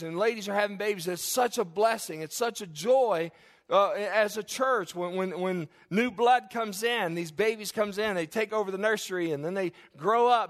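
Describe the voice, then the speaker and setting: A middle-aged man preaching to his congregation in a notably high voice. He talks earnestly, circling back and restarting phrases, and drops folksy, joking asides between points. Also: fairly bright tone. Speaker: pastor. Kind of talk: sermon.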